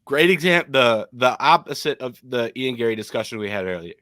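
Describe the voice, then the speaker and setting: Young male podcast co-host, animated and opinionated, mid-pitched voice, dry close mic. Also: brisk, no room sound. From Michigan. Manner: animated, opinionated, frequent ums. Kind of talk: casual podcast chat.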